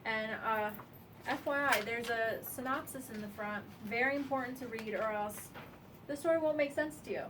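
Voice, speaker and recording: A woman casually reviewing a comic, earnest and slightly halting. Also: high-pitched, recorded from a distance, background noise.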